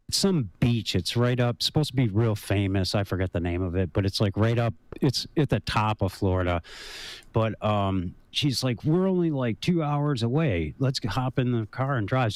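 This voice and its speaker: A man's voice: mid-range voice, no echo. A man calling in to a talk show, telling a rambling story full of swearing. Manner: rambling, profane, animated. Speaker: caller. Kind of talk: casual storytelling.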